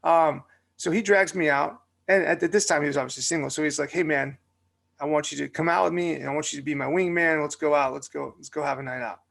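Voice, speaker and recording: This podcast co-host, a young adult man, speaks fast in a high-side, somewhat bright, creaky voice with fairly even intonation. His long story unfolds as chatty, filler-heavy casual talk.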